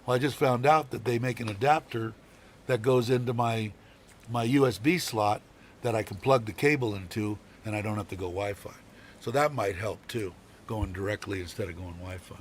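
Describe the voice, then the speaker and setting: A man's voice: on the low side, moderate pace, a little hiss or hum. A man hosting a live stream, chatting casually and rambling, swearing now and then and chuckling often. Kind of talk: casual chat.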